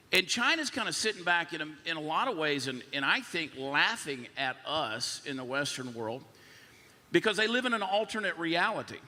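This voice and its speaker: A man's voice: fairly high pitch, very animated, moderate pace, bright, forceful tone, in a large hall. A man on a live panel talking at length, rambling with restarts and extended analogies.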